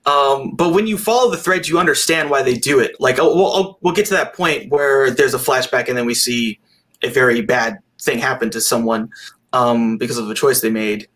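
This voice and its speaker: Rambling, animated man reviewing a film. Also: mid-range voice, moderate pace. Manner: rambling, animated, swears casually. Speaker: podcast co-host. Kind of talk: casual movie review chat.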